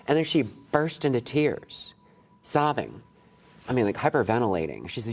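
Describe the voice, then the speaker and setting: A man's voice: medium pitch, sing-song, a little fast, slightly rough. A male poet leads a workshop for college students in a classroom. His talk is casual and digressive, full of asides and restarts. He is blunt and curses easily. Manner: candid and blunt, swears freely, rambling asides. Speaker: poetry workshop leader.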